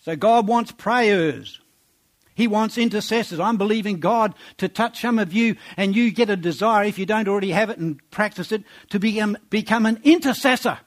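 At a moderate pace, a man reads scripture during his sermon and exhorts the congregation using rhetorical questions. Words of praise bring his voice down low and soft.

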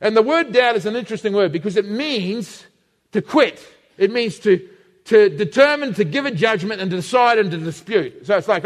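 A man's voice: high voice, lively intonation, normal speed, big-room sound. A man preaching a sermon, emphatic and fond of repeating phrases for effect.

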